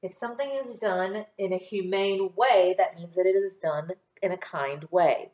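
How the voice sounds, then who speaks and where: A woman teaching a phonics lesson to children, sounding out syllables slowly and carefully. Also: mid-range voice, a little mellow, reverberant.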